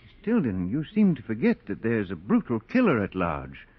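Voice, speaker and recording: An actor playing a calm, authoritative middle-aged detective in a 1940s radio drama, speaking gravely and firmly. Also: male voice, fairly low pitch, moderate pace, no echo, full character voice. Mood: stern. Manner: grave and firm. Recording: muffled old radio broadcast.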